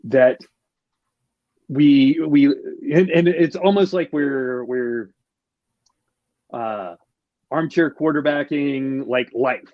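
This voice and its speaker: Guy musing out loud on a podcast, lots of restarts, kinda muffled dry audio. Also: medium pitch, no echo. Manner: reflective, halting, many restarts. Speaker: podcast guest. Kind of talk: casual conversation.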